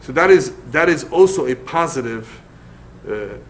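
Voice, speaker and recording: A man's voice: medium pitch, moderate pace, a little hiss or hum, poor audio. A middle-aged man, a rabbi, giving a Torah study lecture, emphatic and fond of repeating his key points. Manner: lively storyteller.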